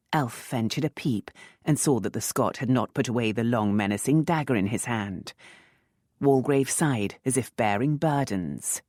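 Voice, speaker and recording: Expressive audiobook narrator, dry close sound. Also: mid-range voice, moderate pace, no room sound. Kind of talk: scripted narration of a romance novel.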